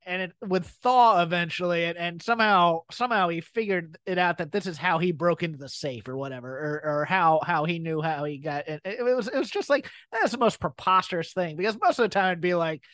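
A man's voice: high-pitched, lively intonation, fairly quick, hardly any pauses, fairly bright tone, clear, resonant tone, no room sound. A man co-hosting a podcast, chatting casually in a jokey, rambling way with frequent laughter. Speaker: podcast co-host. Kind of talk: casual chat.

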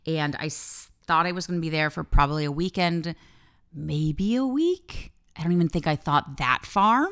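Low gravelly candid woman storyteller. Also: normal speed. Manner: candid, swears freely, lively storytelling. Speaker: life coach and podcast host. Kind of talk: personal storytelling monologue.

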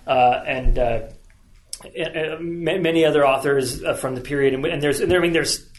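A man's voice: a little high, moderate pace. A man being interviewed about writing his film, talking casually with many restarts and fillers. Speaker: filmmaker guest.

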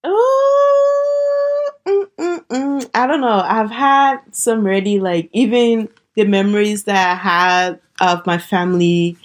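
A woman's voice: mid-range voice, fairly even intonation, measured pace, hardly any pauses. A young woman from Liberia casually telling a personal travel story, chatty and full of "like" fillers.

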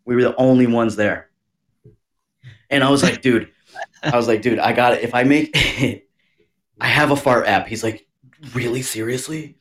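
A man's voice: mid-range voice, steady tone, measured pace, long pauses, fairly bright tone. A man co-hosting a podcast in casual chat, telling a prank story and laughing often. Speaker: podcast co-host.

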